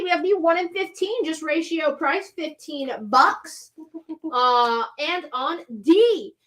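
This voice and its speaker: A woman hosting a live comic book sales show, running through items and prices in a brisk, chatty way from a comic shop. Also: high voice, bright, forceful tone. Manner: brisk, chatty item rundown.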